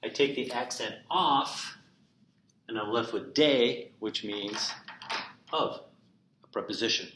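Slow, methodical male teacher. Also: medium pitch. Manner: methodical, repeats examples step by step. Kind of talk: classroom lecture. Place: empty classroom. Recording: echoey classroom with steady noise.

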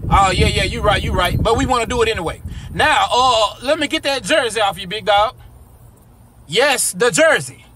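A man performing a comedy skit, talking in slang and swinging into loud shouted outbursts. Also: sits high, moderate pace. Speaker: comedy sketch creator. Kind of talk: skit with character voices.

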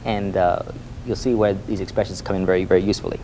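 A man teaching a lively Spanish lesson, repeating phrases for students to echo and coaxing them with a questioning "Hmm?". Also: low voice, fast, slight background noise. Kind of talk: lively spoken language lesson.

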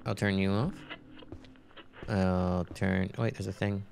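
A man's voice: sits low, fairly even intonation, takes it slowly, gravelly, darkish tone, slight background noise. A man casually commenting while playing a horror game, rambling, reading game text aloud and swearing when startled. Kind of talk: casual let's-play commentary.

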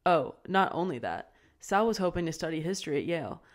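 A woman's voice: sits low, big pitch swings, fairly quick. A woman voicing an amiable middle-aged male teacher who hesitates and rambles.

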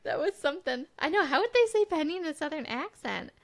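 A woman co-hosting a podcast in casual chat, excitable and quick to laugh, gasping with delight. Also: high-pitched, creaky. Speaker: podcast co-host.

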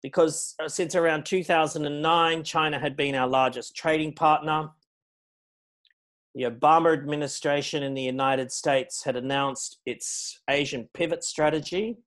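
A middle-aged man giving a public lecture as guest speaker, measured and anecdotal, stressing key words. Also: fairly high pitch, steady tone, fairly bright tone. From Australia. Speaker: guest speaker on foreign policy.

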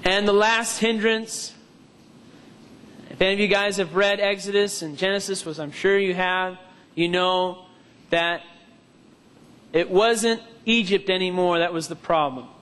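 A man's voice: high voice, steady tone, a little slow, long pauses, a bit bright, clean tone. A man preaching a sermon in a church hall, mixing personal testimony with scripture and calling for amens from the congregation. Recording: long hall reverb.

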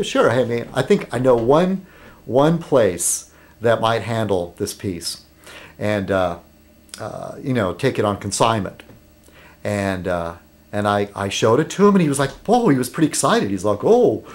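This home video blogger has a voice on the low side and wanders through an informal monologue. His speech stops and starts with fillers, picking up energy when he does impressions of people.

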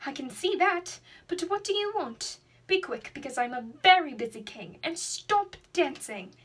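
A woman's voice: high-pitched, lively intonation, moderate pace, fairly bright tone. A woman voicing an impatient, bossy king in a storybook reading. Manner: brusque and bossy.

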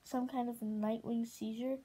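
A proud young ice dragon speaks coolly and curtly, voiced by a woman. The voice is mellow and a little high. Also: flat delivery, unhurried, breathy edge. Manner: curt, arrogant. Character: cool, arrogant young male ice dragon.

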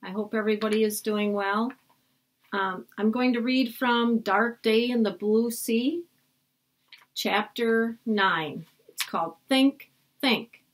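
A woman reads a children's chapter book aloud in a slow voice with fairly even intonation. She raises her pitch for the children's lines and drops it low for the narration.

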